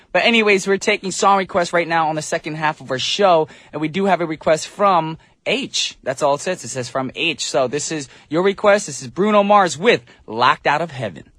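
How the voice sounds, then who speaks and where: A man's voice: medium pitch, a bit bright, no echo. A man working as a radio DJ, chatting casually and upbeat between songs, rambling a little with fillers. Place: radio studio. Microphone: studio microphone.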